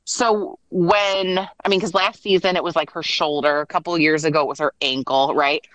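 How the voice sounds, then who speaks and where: A woman with a somewhat low voice talks through a show recap in easy, rambling chat. She peppers her talk with fillers and plays out little quotes. The sound is close and dry, with no room around it. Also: steady tone, normal speed, fairly bright tone, no room sound, poor audio. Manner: chatty, lots of "like" and restarts, acts out quotes. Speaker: podcast co-host.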